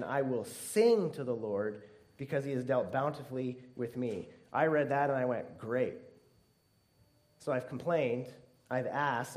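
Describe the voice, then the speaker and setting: A man preaching a sermon earnestly, swinging between emphatic stress and hushed, tearful softness. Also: mid-range voice. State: near tears at times.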